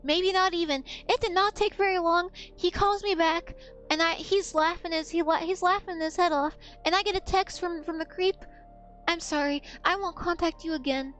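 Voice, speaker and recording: A woman's voice: extremely high pitch, fairly even intonation, normal speed, a bit bright, soft background music. A woman streamer telling a story in a blunt, profane, rambling way. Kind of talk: casual storytelling on a gaming stream.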